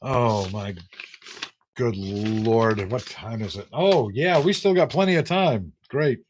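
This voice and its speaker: A man's voice: medium pitch, slow pace, a little hiss or hum. An older man from the United States runs a casual trivia livestream. He is teasing and wry, reading viewers' answers aloud and joking back at them. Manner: teasing, sarcastic, reads viewer names aloud. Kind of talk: casual live-chat trivia banter.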